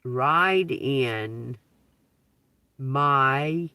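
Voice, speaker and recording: A man live-streaming a psychic reading from inside a car, talking slowly, spelling out letters and swearing casually. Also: mid-range voice, bright, forceful tone, smooth, no echo, recorded from a distance.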